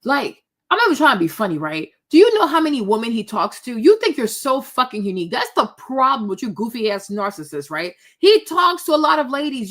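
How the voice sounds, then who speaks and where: A woman's voice: on the high side, sing-song, fairly quick, hardly any pauses, a bit bright. A woman hosting a reaction commentary, scolding bluntly and cursing freely. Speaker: commentary host.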